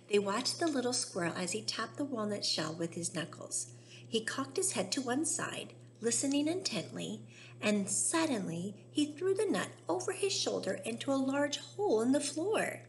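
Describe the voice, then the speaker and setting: A woman's voice: fairly high pitch, big pitch swings, normal speed, a little hiss or hum. A woman teacher reading a storybook aloud to children, addressing them directly.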